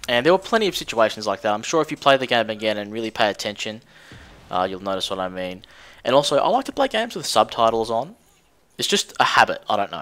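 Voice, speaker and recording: Man, mid-pitched, casual unscripted commentary, hesitant, many fillers. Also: fairly bright tone. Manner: rambling, hesitant, lots of fillers. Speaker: gaming video creator.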